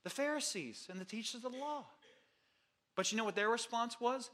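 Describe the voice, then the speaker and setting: A man's voice: very high-pitched, animated, fairly quick, fairly bright tone. A man preaching a sermon, reading scripture and then questioning the congregation with rising energy. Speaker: pastor.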